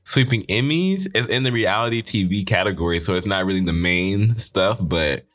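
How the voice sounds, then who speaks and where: A man hosting a casual commentary show, animated and sarcastic, swearing often. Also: faint music behind. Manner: animated, sarcastic, swearing, quick pitch swings. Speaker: show host.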